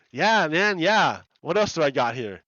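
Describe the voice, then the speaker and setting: Bright, high-voiced rambling male streamer. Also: dry recording, highs cut off. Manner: rambling, repeats words and restarts, laughs often. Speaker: live streamer. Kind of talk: casual live-stream chat while playing a game.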